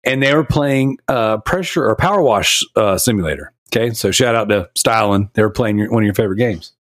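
A man's voice: lowish voice, a little fast, no room sound, studio quality. A man in his thirties hosting a podcast, telling funny stories in casual chat with a lot of laughter. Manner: animated, laughing storyteller. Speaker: podcast host.

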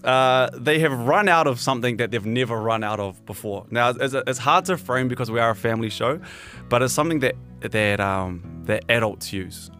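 A man's voice: medium pitch, moderate pace, faint music behind. A man co-hosting a casual podcast, joking and teasing his co-hosts. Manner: animated, jokey, teasing. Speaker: podcast co-host.

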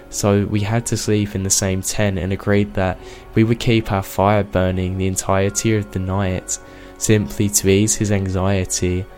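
A man narrating a submitted true scary encounter in a steady, measured storytelling manner. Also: on the low side. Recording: faint music bed.

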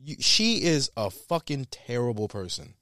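A man hosting a casual film review, talking in a loose, animated way with frequent laughs and swearing. His voice sits at an ordinary middle pitch. The recording is dry and close with no room echo. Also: measured pace. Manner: animated, laughing, profane, trailing restarts. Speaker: podcast host reviewing a film. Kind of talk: casual chat.

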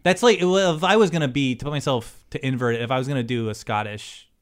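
A man's voice: mid-range voice, fast. A man chatting casually as a podcast guest, rambling, restarting his sentences and making self-deprecating asides. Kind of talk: casual chat.

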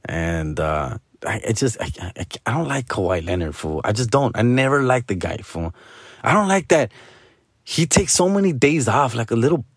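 A man's voice: medium pitch, very animated, normal speed, breathy edge, no room sound, studio quality. A man gives a profane, slangy sports rant to the camera and keeps calling the listener dog or fool. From Los Angeles. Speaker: sports fan vlogger. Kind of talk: casual ranting monologue.

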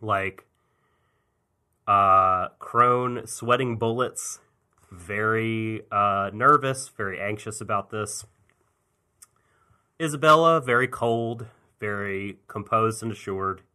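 A man's voice: fairly low pitch, takes it slowly, pauses often, bright, forceful tone. A man hosting a casual podcast, steering the recap of an anime episode and slipping in jokes.

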